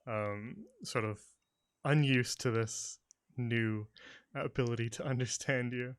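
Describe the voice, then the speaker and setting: A man narrating a tabletop game as game master in a relaxed, hesitant way. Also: mid-range voice, takes it slowly, smooth. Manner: relaxed, hesitant with many "uh" and "kinda".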